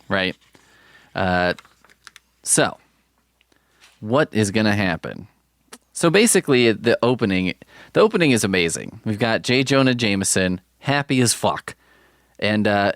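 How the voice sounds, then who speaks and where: A man's voice: on the low side, fairly bright tone, dry recording, studio quality. A man hosting a podcast, talking casually in a rambling, profane, wry way. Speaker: podcast host. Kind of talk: casual chat.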